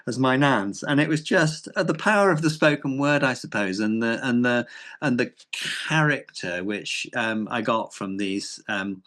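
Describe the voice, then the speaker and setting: A man co-hosting a podcast, talking in a reflective, measured way with frequent pauses and fillers. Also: medium pitch, expressive, a bit bright. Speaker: podcast co-host. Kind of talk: casual chat.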